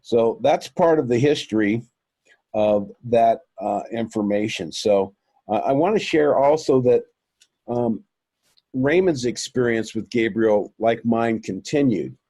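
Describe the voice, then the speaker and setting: A man tells his story as an interview guest, full of ums and restarts, calling his listeners "folks." His voice is mellow and warm. The sound is dry, with no room around it. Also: mid-range voice, measured pace, no echo. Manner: rambling, many fillers and restarts; earnest, addresses listeners as folks. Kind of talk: recounting a personal experience.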